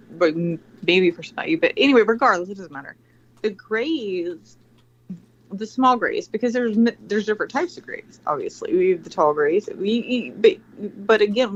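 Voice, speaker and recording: Interrupting woman guest on slightly dull audio. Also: on the low side. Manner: interrupting, casual, swears. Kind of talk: livestream conversation.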